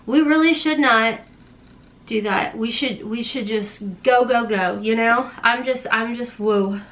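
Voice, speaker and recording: A woman's voice: fairly high pitch, unhurried, a bit bright. A woman beauty vlogger chatting casually while doing her makeup, rambling, emotional and heartfelt with folksy slang.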